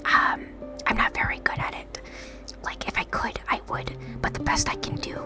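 A woman streamer in whispered role-play, reading game dialogue aloud and answering chat in a whisper. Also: moderate pace. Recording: music playing behind the whisper.

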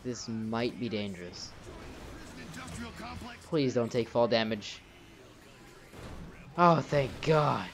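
A young gameplay commentator talks slowly in a mid-range voice, pausing often. He casually narrates his moves over game music and lets loose with swearing when things go wrong.

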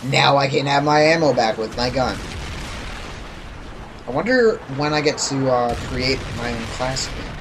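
An excitable young man talks his way through a shooter game, joking and shouting whenever something startles him. His voice swings up and down constantly. Loud game gunfire is clearly heard behind him. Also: medium pitch, moderate pace, noisy background. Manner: excitable, jokey, yelps and shouts when startled. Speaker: gameplay commentator. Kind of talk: casual live gameplay commentary. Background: gunfire and explosions from the game.

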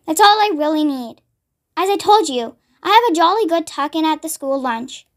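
Storybook: woman doing kind young woman teacher, soft gentle voice, high pitch. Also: expressive, moderate pace. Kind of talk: read-aloud storybook acting.

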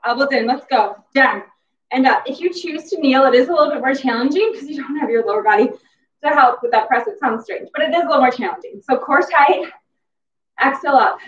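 A woman's voice: sits high, brisk. Breathless woman coaching a workout. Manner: energetic cheering cues with whoops. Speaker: fitness instructor. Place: exercise facility gym. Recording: echoey gym from far off, dull sound.

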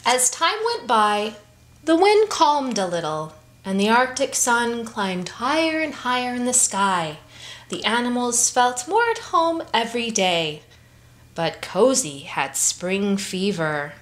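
A woman hosting a children's story time, reading a picture book aloud in an expressive, unhurried storytelling manner. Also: fairly high pitch.

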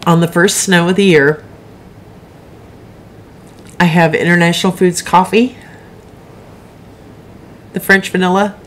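Chatting frankly with viewers on a casual livestream, a middle-aged author wanders off into asides. Her voice sits on the low side, and a little background noise is audible.

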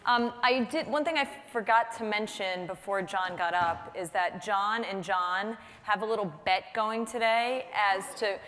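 A woman's voice: mid-range voice, a little slow, hardly any pauses, a bit bright. Chatty New York woman in a hall. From New York, United States. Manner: chatty, teasing, laughs often. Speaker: event host. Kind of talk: casual stage introduction.

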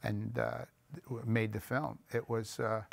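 A man's voice: medium pitch, little pitch movement, measured pace, gravelly, no echo. A man, a film director, telling stories in an interview in a reflective way and acting out quoted voices. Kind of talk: storytelling interview.

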